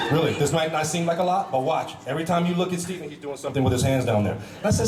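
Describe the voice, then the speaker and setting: A man's voice: a little high, rapid-fire, a crowd in the background. A man speaking as a guest on a convention panel, telling stories animatedly, laughing and restarting often. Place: large convention hall. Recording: echoey hall from far off, noisy.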